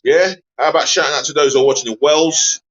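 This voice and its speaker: A man's voice: fairly high pitch, fast talker. Chatty man on a lo-fi stream. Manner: exasperated, chatty, giving shout-outs. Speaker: live stream host. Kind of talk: live watch-along football commentary.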